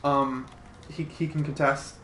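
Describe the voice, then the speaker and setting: A young man with a fairly high voice chats as a podcast guest, halting and restarting with lots of ums. His voice rings in a roomy, echoing space, with a faint hiss underneath. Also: flat delivery, a bit bright. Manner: hesitant, halting speech full of ums while playing a game. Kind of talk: casual gaming podcast chat. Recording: echoey room.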